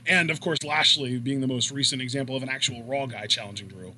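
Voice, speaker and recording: A man's voice: medium pitch, fast, pushed and bright. A young man co-hosting a casual wrestling chat, talking at length and laughing easily. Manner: chatty, rambling, laughs easily. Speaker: co-host.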